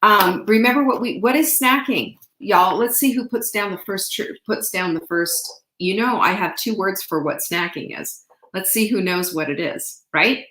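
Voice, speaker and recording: A woman's voice: medium pitch, normal speed, sharp tone. A woman in her sixties, a nutritionist, hosting a live question-and-answer show and talking chattily and upbeat to her viewers, teasing them as she goes. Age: 60s. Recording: echoey room.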